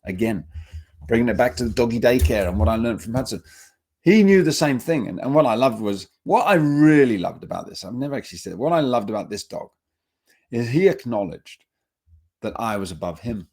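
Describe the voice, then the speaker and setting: A man giving a dog training webinar, telling stories with lively acted quotes and getting emotional at times. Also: mid-range voice, fairly quick, breathy edge. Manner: animated storytelling, acts out dogs in quotes. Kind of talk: webinar talk.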